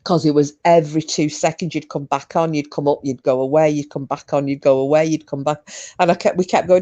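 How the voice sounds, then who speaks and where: A chatty woman in middle age, talking casually to her livestream viewers from home. Her voice sits low and sounds mellow and dark. She laughs often and trades bawdy banter. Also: fairly even intonation, a little fast. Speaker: livestream host. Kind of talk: casual chat with live chat viewers.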